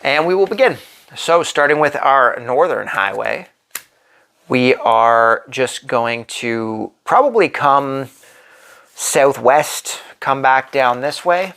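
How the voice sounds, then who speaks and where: Slow gravelly man thinking aloud. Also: mid-range voice, fairly bright tone. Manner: slow, thinking aloud while placing pieces. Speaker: board game channel host. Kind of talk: solo board game playthrough commentary.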